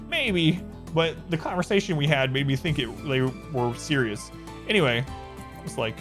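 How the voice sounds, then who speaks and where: A man's voice: medium pitch, expressive, moderate pace, fairly bright tone, faint music behind. A man streaming live, chatting casually and rambling with sarcastic asides, with a faint regional American accent.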